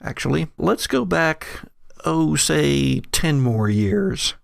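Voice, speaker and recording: A man narrating a tabletop horror game as game master, measured and halting with vivid description. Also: fairly high pitch, big pitch swings, creaky, dry recording, studio quality.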